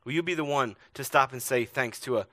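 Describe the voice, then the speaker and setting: Bright, earnest man preaching a sermon. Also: medium pitch, a little fast, no room sound, clean studio sound. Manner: earnest storytelling, rhetorical questions, varied loudness. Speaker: pastor.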